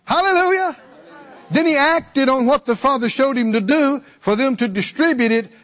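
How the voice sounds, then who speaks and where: A man's voice: extremely high pitch, normal speed, fairly bright tone, dull audio. A male preacher delivering a dramatic sermon, acting out pleading prayers and firing off rhetorical questions in folksy phrasing.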